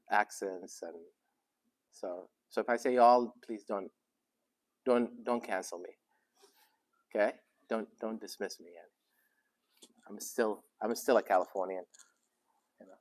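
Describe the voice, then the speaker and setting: Easygoing middle-aged man, lowish voice. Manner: easygoing and joking. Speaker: sheikh leading a youth program. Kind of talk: casual chat with teens. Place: mosque youth room.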